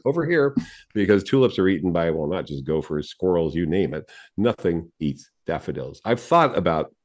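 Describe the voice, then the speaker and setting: A man with a very low voice co-hosts a radio garden show. He explains things in a friendly, easygoing way and chuckles now and then. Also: darkish tone. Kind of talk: radio garden advice chat.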